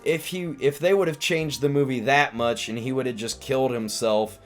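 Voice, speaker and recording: A man's voice: medium pitch, fairly even intonation, moderate pace. Guy streaming, just rambling about a movie, keeps restarting, says like a lot, faint guitar in the back. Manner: rambling, many restarts and "like" fillers. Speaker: live-stream host, comedian. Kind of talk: casual rambling film recap.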